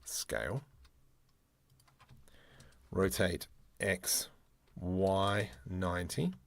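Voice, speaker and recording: A man demonstrating 3D modeling software, thinking aloud in a playful way and muttering keyboard shortcuts and mild exclamations as he works. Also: low voice, extremely slow, gravelly. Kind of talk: screen-recorded software tutorial, thinking aloud.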